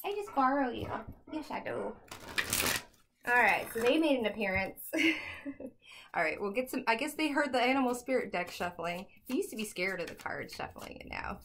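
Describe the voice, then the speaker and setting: A young woman giving a casual tarot reading to camera at home, chatty and excitable, laughing often. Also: fairly high pitch, normal speed, a little hiss or hum. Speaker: tarot reader.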